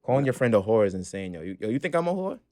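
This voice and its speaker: A man's voice: fairly low pitch, big pitch swings, rapid-fire, warm tone, no room sound. A young man co-hosting a casual podcast, joking and laughing often with slangy banter. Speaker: podcast co-host. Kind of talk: casual banter among friends.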